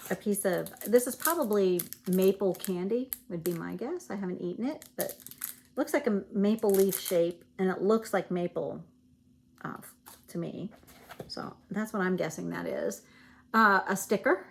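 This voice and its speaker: There's slight background noise as a cross-stitch vlogger, a Southern-accented woman from Virginia, talks at a moderate pace in a gravelly, mid-range voice. She rambles through a casual show-and-tell of stitching goodies, using fillers and fixing her own words.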